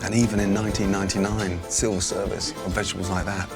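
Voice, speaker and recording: Brief: male chef host, low-pitched, blunt and swearing, reality TV, music bed. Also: quick pace. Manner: blunt, swears freely, animated. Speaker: chef host visiting a failing restaurant. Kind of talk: reality TV walkthrough and commentary. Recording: background music under speech.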